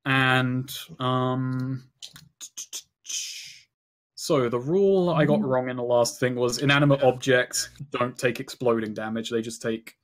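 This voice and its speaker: Game master, male, mid-pitched, patient and rambling as he walks players through the rules. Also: fairly even intonation, unhurried. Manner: explains rules patiently, filler-heavy. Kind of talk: running a tabletop game online.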